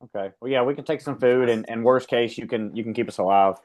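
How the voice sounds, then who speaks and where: A man's voice: medium pitch, fast talker, a little mellow. A man playing a tabletop game, teasing the others in a dry way. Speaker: player. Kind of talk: casual game banter.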